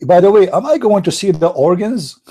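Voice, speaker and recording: A man, hosting a mocking commentary on pictures he shows, sarcastic and laughing with mock excitement. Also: high voice, brisk. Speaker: channel host.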